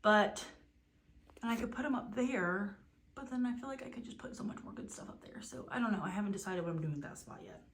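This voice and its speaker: A woman's voice: mid-range voice, animated, quick pace, a little hiss or hum. Chatty young woman giving a room tour. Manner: chatty, self-interrupting, swears casually. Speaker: beauty vlogger. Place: home room being toured.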